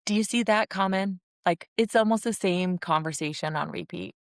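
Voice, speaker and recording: A woman's voice: lowish voice, moderate pace, no echo, clean studio sound. A woman hosting a podcast, talking in a loose, hesitant conversational way with frequent fillers. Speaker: podcast host.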